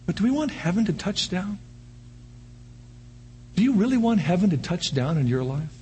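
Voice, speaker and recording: An older man preaching a sermon, firing off rhetorical questions and breaking into animated shouts. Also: sits high, moderate pace, slight background noise. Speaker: pastor.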